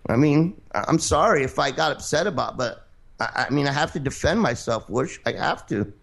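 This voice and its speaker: A man's voice: medium pitch, animated, normal speed, gravelly, a bit bright. A man hosting a show, arguing heatedly with a caller, defensive and swearing, repeatedly insisting on finishing his point. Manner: defensive, interrupting, swearing, keeps asking to finish. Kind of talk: heated call-in radio argument.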